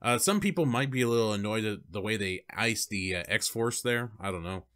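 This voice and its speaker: A man's voice: lowish voice, animated, fairly quick, a bit bright. A man co-hosting a casual movie review. He swears freely, laughs a lot and acts out lines from the film as he recaps scenes.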